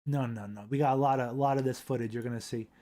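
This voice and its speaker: A man hosting a casual live stream, rambling, repeating himself and reading chat aloud into a boom-arm desk mic. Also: steady tone, racing, dark tone.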